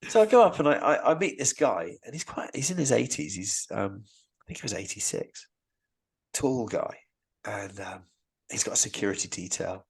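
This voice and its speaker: Husky low-voiced man telling stories. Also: expressive, normal speed. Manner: rambling, restarts sentences, enthusiastic. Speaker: Stonehenge guide and podcast guest. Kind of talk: casual storytelling interview.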